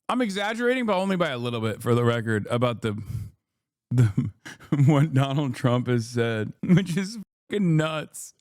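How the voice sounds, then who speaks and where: Sarcastic man with a smooth voice. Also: medium pitch, sing-song, normal speed, a little mellow, no room sound, clean studio sound. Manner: sarcastic, profane, mocking. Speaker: streamer and political commentator. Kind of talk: casual live-stream commentary.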